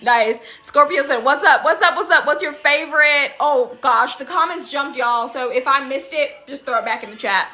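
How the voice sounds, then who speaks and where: A woman's voice: high voice, normal speed, hardly any pauses, pushed and bright. A young woman hosting a casual live stream from indoors, reading viewer comments into her phone, laughing often and acting out cartoon quotes in silly voices. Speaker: TikTok live host.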